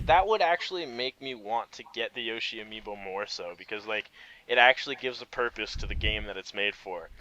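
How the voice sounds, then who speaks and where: Laid-back low young man on a dull call line. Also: expressive, a little fast, bright, forceful tone. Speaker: podcast co-host. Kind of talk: casual gaming podcast chat.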